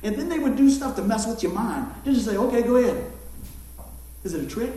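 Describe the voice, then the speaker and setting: Middle-aged pastor, folksy and joking, animated high voice, roomy distant church sound. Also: male voice, fairly quick. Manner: folksy, joking, talks to the congregation. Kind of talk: sermon. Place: church sanctuary. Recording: echoey church room, mic far off.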